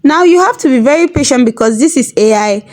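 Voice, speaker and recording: A woman's voice: high-pitched, animated, quick pace, a little mellow. A woman hosting a tutorial, patiently explaining each step and repeating key points. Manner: patient, instructive, repeats herself. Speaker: tutorial host.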